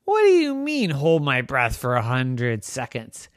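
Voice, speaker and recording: A storyteller voicing Wendy, an anxious, bewildered young woman, in a high worried voice during a bedtime story. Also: wildly swooping pitch, unhurried, no echo, clean studio sound.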